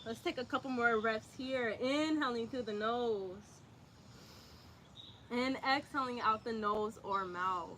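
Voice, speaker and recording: Young female yoga instructor, bright high voice, casual and slangy while cueing breaths outdoors. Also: measured pace, a little hiss or hum. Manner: chatty, slangy asides to viewers. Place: outdoors in light rain.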